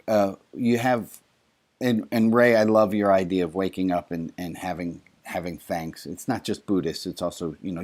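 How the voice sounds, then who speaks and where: A man leading an online service as rabbi, joking with participants and often restarting his sentences over a video call. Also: fairly low pitch. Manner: warm, joking, stumbling restarts. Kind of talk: casual, interactive service talk.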